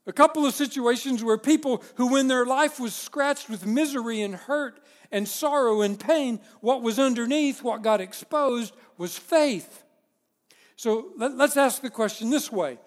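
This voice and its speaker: A man with a high-pitched voice preaches a sermon, rising to loud emphatic declarations and dropping to low, quiet phrases. His voice rings out with the long reverb of a large hall. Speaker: pastor.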